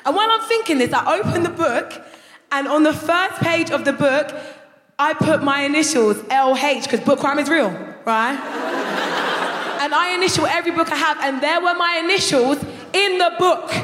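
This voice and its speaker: A woman doing a live stand-up set on stage, telling crude stories in a brash, animated way. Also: high voice, normal speed. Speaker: guest stand-up comedian. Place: large concert hall stage. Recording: echoey hall, live crowd noise. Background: live audience laughing.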